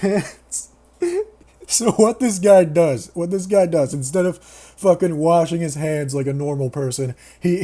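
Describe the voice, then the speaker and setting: A man's voice: on the high side, dark tone. A young man giving a casual, sarcastic, profane rant as a movie reviewer, laughing often.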